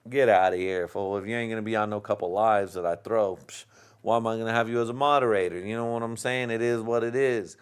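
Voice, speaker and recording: A man's voice: fairly low pitch, quick pace, smooth. Profane, rambling tipsy man on a podcast. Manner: profane, rambling storyteller with bursts of laughter. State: tipsy from drinking. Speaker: podcast host. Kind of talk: casual rambling monologue.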